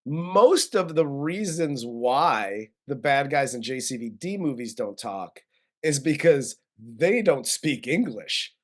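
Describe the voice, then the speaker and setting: A man's voice: medium pitch, animated, slow. A man co-hosting a casual movie review chat, retelling the plot loosely and laughing often. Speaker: co-host film reviewer.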